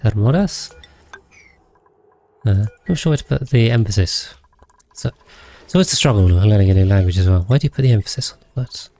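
A man's voice: fairly low pitch, expressive, fast, mellow. A man rambling casually as he streams a game, thinking aloud and thanking his viewers. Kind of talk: casual gameplay livestream chat.

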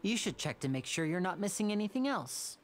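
This is a woman playing a charming young male stage magician from a video game. The voice sits low and moves with lively, rolling intonation, and the delivery is smooth, teasing and quietly persuasive. Faint music plays underneath. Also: brisk.

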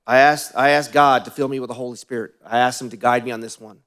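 Brief: male pastor, mid-pitched voice, relaxed storytelling sermon with questions to the congregation and quiet asides. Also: fast talker, smooth.

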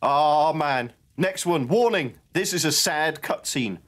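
A man's voice: a little high, lively intonation, slow pace, background noise. A man reacting casually to game videos as a YouTuber, playful and laughing often as he reads on-screen dialogue aloud. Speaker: gaming YouTuber.

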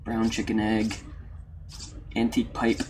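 A man streaming a game with casual, joking and profane commentary, bursting into loud outbursts. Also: on the low side, monotone, measured pace, background noise.

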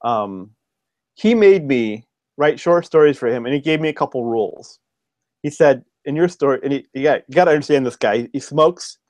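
A man's voice: medium pitch, lively intonation, moderate pace, darkish tone, no room sound. Rambling man telling stories, dry sound. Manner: rambling, with frequent ums and restarts. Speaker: podcast guest, fiction writer. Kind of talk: casual storytelling chat.

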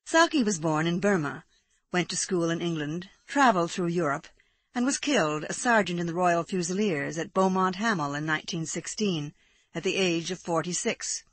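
A woman reading a short story aloud as an audiobook narrator, in a measured way. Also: on the low side, animated, no echo. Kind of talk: scripted literary narration.

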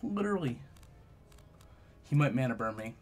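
Young male gamer, lively swearing commentary, game music faintly under. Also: medium pitch, normal speed. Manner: profane, trash-talking, swings between loud outbursts and mutters. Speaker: gaming YouTuber. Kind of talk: live gameplay commentary.

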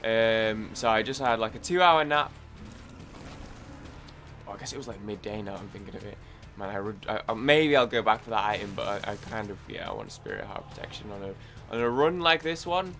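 A man's voice: lowish voice, very animated, brisk, vocal fry, fairly bright tone, soft background music. A young man giving casual gameplay commentary, sounding groggy from lack of sleep and rambling with frequent restarts. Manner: rambling, many restarts, swears when frustrated. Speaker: gaming YouTuber.

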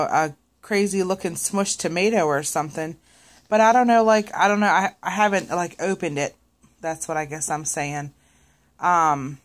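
A woman chatting casually to viewers in a craft vlog, rambling with many fillers and restarts. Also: lowish voice. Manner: animated when retelling a scene. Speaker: craft vlogger.

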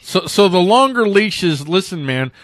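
A male co-host in casual political chat, animated and jokey, often slipping into mock voices. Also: high voice, unhurried.

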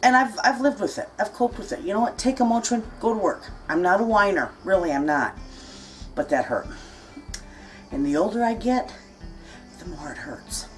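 A woman's voice: medium pitch, expressive, moderate pace, long pauses, recorded from a distance, soft background music. A middle-aged woman chatting in a folksy, friendly way with her viewers while she cooks in her home kitchen. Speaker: cooking vlogger. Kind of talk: casual kitchen chat while cooking.

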